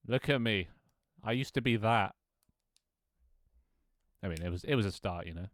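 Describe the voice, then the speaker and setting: A man in his twenties talks through his stream in a loose, rambling way, laughing at himself and swearing now and then. His voice sits very low. The sound is dry and close, captured on a desk microphone. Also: moderate pace, no echo. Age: 20s. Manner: rambling, self-mocking, laughs often, swears casually. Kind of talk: casual live-stream chat.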